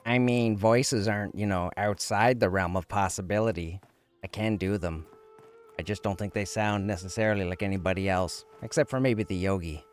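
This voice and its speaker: A man's voice: on the low side, normal speed, faint music behind. A man streaming a game, chatting casually in a rambling, self-mocking way with a sore throat. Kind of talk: casual livestream chat.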